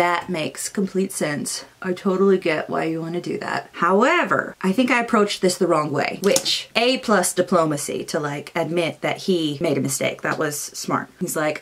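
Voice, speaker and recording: A young woman casually summarizing a novel's plot, chatty and acting out characters in quick asides. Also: on the low side, expressive, gravelly, slightly rough. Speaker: booktuber.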